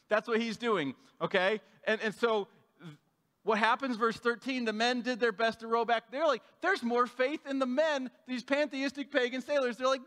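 Animated pastor in a reverberant hall. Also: male voice, very high-pitched, moderate pace. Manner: conversational, acts out quoted voices. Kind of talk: sermon.

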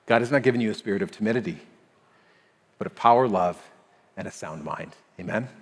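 A man preaching a sermon as pastor, animated and acting out little scenes for the congregation. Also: on the low side, fairly quick, husky. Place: church sanctuary. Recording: long hall reverb with faint music.

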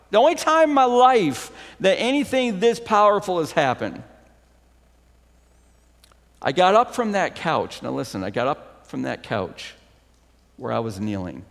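A male pastor preaching a sermon in a fairly high voice, swinging from ringing emphasis down to near-hushed intimacy. His words trail off into the long reverb of a big sanctuary. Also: vocal fry.

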